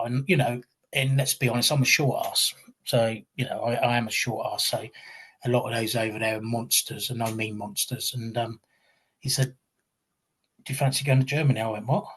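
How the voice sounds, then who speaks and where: A man's voice: mid-range voice, husky. A man in his fifties from England, a retired wrestler, telling long rambling anecdotes with many restarts and self-deprecating asides. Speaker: guest, retired pro wrestler. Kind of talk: conversational storytelling.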